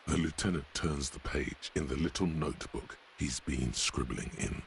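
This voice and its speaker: Omniscient game narrator: very deep, gravelly, dry, measured. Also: male voice, a little hiss or hum.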